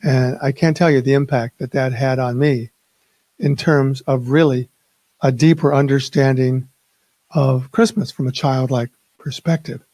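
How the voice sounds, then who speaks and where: A man's voice: mid-range voice, fairly even intonation, unhurried, warm tone, no echo. An older man giving a reflective personal talk at a spiritual open mic, speaking hesitantly with restarts.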